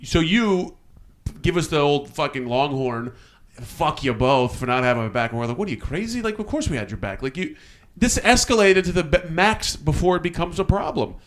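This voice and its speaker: A man's voice: fairly high pitch, lively intonation, moderate pace. A man co-hosting a comedy podcast, telling a story in a casual, profane way with lots of laughter.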